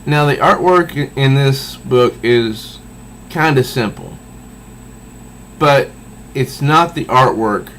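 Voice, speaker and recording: A man casually reviewing a comic book, talking haltingly with many restarts. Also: mid-range voice, fairly bright tone, slight background noise, rough recording.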